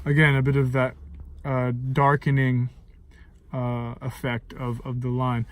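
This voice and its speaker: Slow, halting man explaining music. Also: medium pitch, monotone. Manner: halting, thinks aloud with many fillers; sings short phrases to illustrate. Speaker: music teacher and composer. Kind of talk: informal music lesson.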